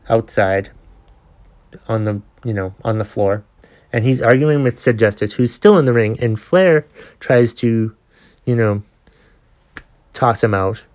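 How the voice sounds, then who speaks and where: A man's voice: medium pitch, a little mellow. A man in his forties hosting a podcast, telling a long story in a casual, ranting way with plenty of swearing and exasperation. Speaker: podcast host.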